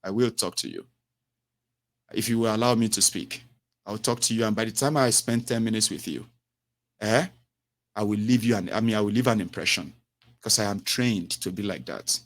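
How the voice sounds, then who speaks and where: A man's voice: on the low side, moderate pace, pauses often. A man, hosting a talk show in a loose, expansive monologue with frequent "eh" and "you know". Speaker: show host.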